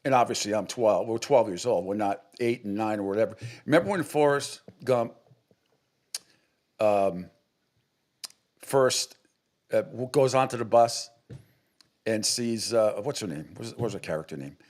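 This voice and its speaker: A man's voice: lowish voice, moderate pace, long pauses, darkish tone. A middle-aged man from New England, a sports radio host, telling a rambling story with many restarts and acted-out quotes. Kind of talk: casual storytelling.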